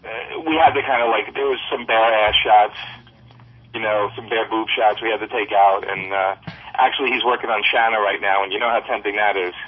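A man's voice: lowish voice, steady tone, a little fast, breathy edge. A man, a comic book writer, telling bawdy stories in casual podcast chat, often laughing, over a phone line.

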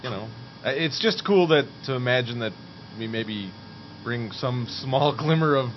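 A man's voice: mid-range voice, lively intonation, unhurried. Laughing man on a noisy podcast. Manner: laughs often, rambling. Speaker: podcast co-host. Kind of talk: casual chat. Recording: dull lo-fi sound with noise.

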